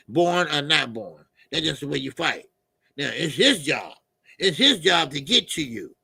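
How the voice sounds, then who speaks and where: A man's voice: a little high, gravelly, pushed and bright, slightly rough, no room sound. A man hosting a casual boxing live stream, rambling loosely, repeating himself and answering the chat. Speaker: boxing channel host.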